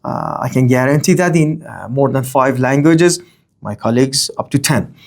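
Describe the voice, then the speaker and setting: A man teaching a grammar lesson, speaking, often pausing on okay and uh and reading example sentences with a lifted tone. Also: mid-range voice, creaky. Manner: explains slowly with many fillers and okays. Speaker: language teacher.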